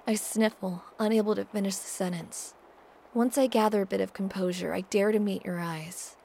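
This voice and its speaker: Woman narrator for a first-person audio role-play: hushed, tearful, trembling delivery with a gravelly fry. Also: medium pitch, fairly even intonation, normal speed, slight background noise. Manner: soft-spoken and hushed, with a shaky, tearful edge. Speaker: storyteller.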